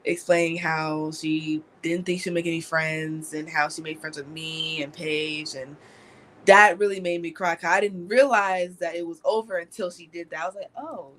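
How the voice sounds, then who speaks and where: A young woman, a youth program participant, speaking softly and gratefully with halting pauses. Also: low voice, little pitch movement. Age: young adult. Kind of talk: casual emotional testimony.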